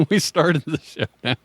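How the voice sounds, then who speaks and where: A man hosting a relaxed podcast, easygoing and quick to laugh along. His voice sounds close and dry, with no room around it. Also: fairly high pitch, dry recording. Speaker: podcast host.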